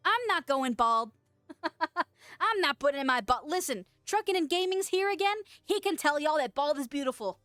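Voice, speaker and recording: A woman streaming as a VTuber, chatting casually with viewers, playful and quick to laugh, with casual swearing. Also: high-pitched, animated, fairly bright tone, no echo, clean studio sound. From United States. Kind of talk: casual chat reading viewer messages.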